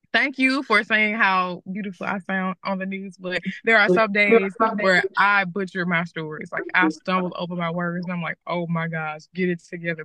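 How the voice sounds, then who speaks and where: A woman's voice: medium pitch, sharp tone, no echo. A young woman with a Southern American accent, a TV journalist guest, talking candidly and chattily about her career at a school event. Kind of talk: school career talk interview.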